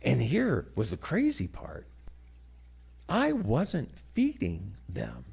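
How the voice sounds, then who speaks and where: A middle-aged man giving a sermon-style talk, telling a story dramatically and moving between loud passages and hushed ones. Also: mid-range voice, huge pitch swings, slow, creaky, husky. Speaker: guest speaker.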